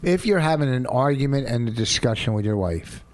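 A man's voice: medium pitch, fairly quick, no room sound. A man who hosts radio, arguing casually with his wife and retelling events with lots of repetition. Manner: animated storyteller, repeats himself. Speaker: radio host. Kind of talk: casual couple argument on a podcast.

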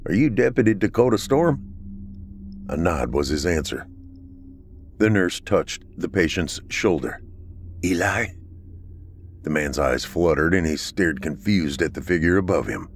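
A man narrating a dark story in a steady, measured reading. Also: rumbling low, slight background noise.

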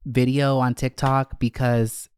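A man hosting a casual solo podcast. He talks candidly and profanely, rambling with fillers and self-corrections, and his pitch jumps high when he gets emotional. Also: level tone, slow pace, darkish tone, smooth. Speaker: podcast host.

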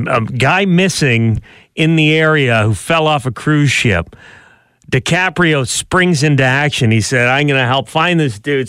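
A man's voice: medium pitch, a bit bright, smooth, dry recording, clean studio sound. A man co-hosting a casual radio chat about celebrity news, telling stories in a chatty, building way. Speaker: radio co-host.

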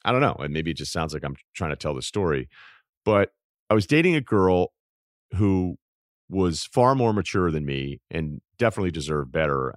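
Forties guy, really low voice, rambling confessional story on his podcast, dry close mic. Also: big pitch swings, normal speed, no room sound. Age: 40s. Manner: rambling, reflective, confessional, many fillers and restarts. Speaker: podcast host. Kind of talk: personal storytelling monologue.

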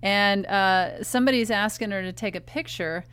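A woman's voice: medium pitch, normal speed, fairly bright tone, clean tone. A woman guest telling a comic story on a talk show in a dry, self-mocking way.

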